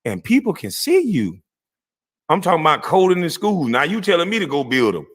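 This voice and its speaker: A man delivers a heated livestream rant. His voice sits a bit high and swings widely in pitch. The tone is bright and forceful, and he is profane and mocking throughout. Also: very animated, a little fast. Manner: laughs scornfully between lines.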